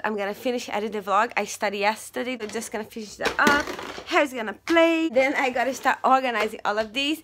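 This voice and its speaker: A woman's voice: on the high side, bright, forceful tone, slight background noise. A young woman, chatting casually to camera as a mum vlogging at home. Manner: chatty, rambling, with frequent "anyways" and "guys". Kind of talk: casual vlog chat to camera. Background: background music.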